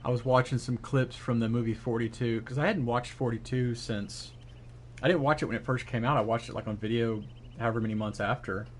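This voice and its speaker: A man's voice: mid-range voice, fairly even intonation, fairly quick. Man, live streamer, casual rambling chat, fillers and restarts, faint background noise. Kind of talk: casual chat while gaming, talking to chat.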